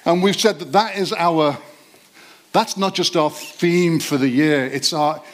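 A man preaching a sermon to his church, reading scripture slowly with stressed words and quizzing the congregation. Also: a little high. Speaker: pastor. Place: church service.

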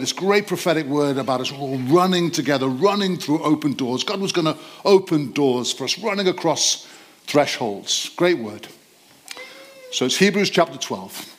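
Slightly high-voiced man preaching a sermon. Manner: interactive, quizzes the congregation; slows and stresses words in scripture reading. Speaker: pastor. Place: church service.

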